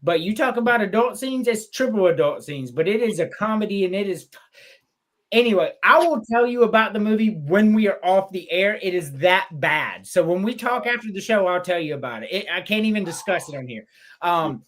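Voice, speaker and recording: A man co-hosting a podcast, recounting stories in a profane, laughing rush. His pitch is lively and keeps swinging up and down as he gets carried away. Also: brisk. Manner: animated, profane storytelling with laughter. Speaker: podcast co-host. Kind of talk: casual podcast chat.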